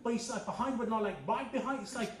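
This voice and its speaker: Comic doing a rambling young man, filler-heavy, high voice, echoey hall. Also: quick pace. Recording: echoey hall, heard from a distance.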